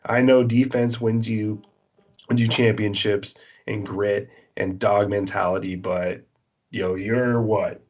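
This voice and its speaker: A man co-hosting a podcast, giving blunt, opinionated sports takes in casual chat with a Canadian accent, often pausing on "uh" and "um". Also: on the low side, steady tone, a little mellow. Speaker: podcast co-host.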